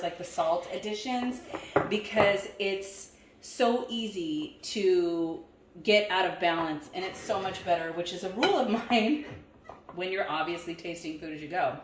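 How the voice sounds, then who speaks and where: A woman's voice: medium pitch, a little hiss or hum. A woman hosting a cooking vlog, talking in a chatty, rambling and upbeat way. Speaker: cooking vlogger.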